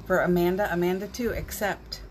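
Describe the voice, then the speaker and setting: A woman's voice: lowish voice, steady tone, brisk, a little hiss or hum. A woman hosting a spiritual morning livestream, chatting casually, reading out viewer comments, and getting emotional, with laughter and near tears.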